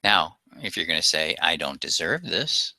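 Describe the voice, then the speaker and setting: A man's voice: sits low, big pitch swings, moderate pace, creaky, pushed and bright, no room sound. A man presenting a self-help webinar as a coach, talking emphatically and asking rhetorical questions.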